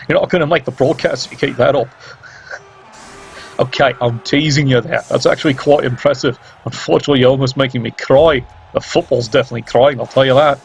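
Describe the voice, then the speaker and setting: A man's voice: mid-range voice, fast, vocal fry, a little hiss or hum. A man giving casual play-by-play game commentary, sardonic and teasing, swearing freely.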